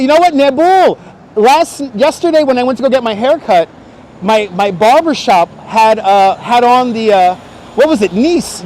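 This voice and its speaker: Walking city streets while live-streaming, a man chats casually with viewers, greeting them by name and joking. His voice sits high and a little mellow, picked up on a wireless clip-on mic with a bit of hiss or hum.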